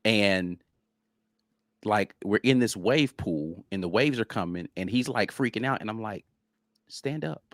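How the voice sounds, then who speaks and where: A man in his thirties co-hosting a casual sports chat show, animated and telling stories with acted-out quotes. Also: fairly low pitch, measured pace, no room sound, clean studio sound. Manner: animated storyteller, acts out calming quotes. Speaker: co-host.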